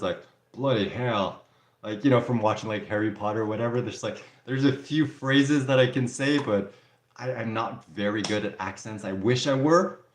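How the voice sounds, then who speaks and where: A man hosting a live stream, answering viewer comments in a relaxed, candid way with frequent restarts. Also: fairly low pitch. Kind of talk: casual live Q&A chat. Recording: roomy echo.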